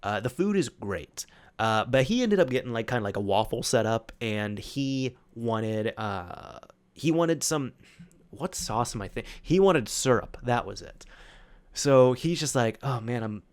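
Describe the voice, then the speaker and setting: A man's voice: medium pitch, lively intonation, unhurried, clear, resonant tone. A young man hosting a solo talk show, telling a story casually with many restarts and fillers. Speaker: host.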